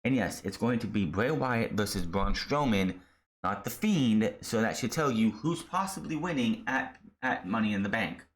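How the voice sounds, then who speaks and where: Male wrestling reviewer, lowish voice, blunt and exasperated solo rant. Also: animated, moderate pace. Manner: blunt, exasperated, rambling with restarts. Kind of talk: casual solo commentary.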